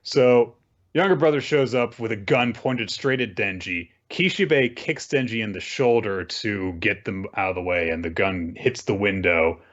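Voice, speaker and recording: A man recapping manga in casual chat, animated, acting out quoted lines in exaggerated voices. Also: lowish voice, unhurried. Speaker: podcast host recapping manga. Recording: dull lo-fi recording.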